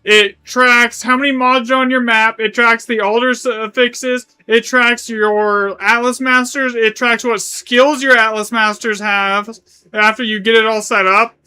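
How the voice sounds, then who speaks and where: A man's voice: extremely high pitch, sharp tone, clean tone. A man streaming a game live, chatting casually in a rambling way, correcting himself as he goes and swearing now and then. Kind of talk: live gaming stream chat.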